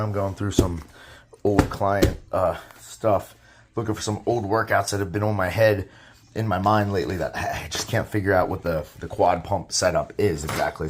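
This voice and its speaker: A young man in his home kitchen, chatting casually and excitedly as he reviews a meal, rambling and tasting as he goes. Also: sits low, brisk, a little hiss or hum. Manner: upbeat, rambling, talks while eating. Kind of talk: casual vlog chat. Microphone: camera mic, propped-up phone without tripod.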